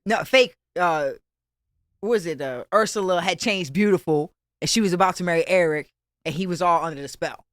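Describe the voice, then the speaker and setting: A young woman co-hosting a podcast, telling crude jokes in casual, animated chat. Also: on the low side, fairly quick, no room sound, clean studio sound. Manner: crude, joking, animated storytelling. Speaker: podcast co-host.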